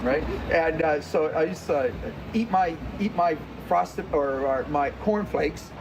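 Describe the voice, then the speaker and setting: Middle-aged man with a higher-pitched voice, rambling through childhood memories over background noise. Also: moderate pace. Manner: rambling, repeats and restarts words. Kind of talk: casual reminiscing. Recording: noisy, busy background.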